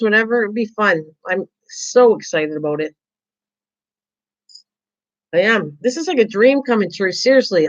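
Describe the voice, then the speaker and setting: A woman hosting a crafting livestream, chatting with her viewers in an excitable, rambling way and often repeating herself. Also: mid-range voice. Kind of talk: casual chat reading viewer comments. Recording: dull lo-fi livestream audio.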